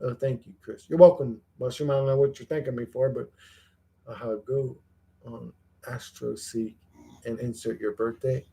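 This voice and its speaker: A man's voice: medium pitch, fairly even intonation, moderate pace, gravelly, dark tone. A man hosts a casual livestream and chats loosely with his viewers. He rambles, swears often, and repeats words as he starts his sentences. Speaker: livestream host reading chat.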